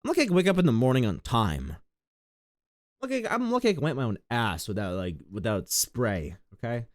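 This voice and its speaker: A man's voice: very animated, brisk, no echo, clean studio sound. A young man from Long Island chatting casually and crudely on a game stream, rambling through jokes and tangents. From Long Island, New York. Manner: rambling, crude, jokey, with sudden high outbursts.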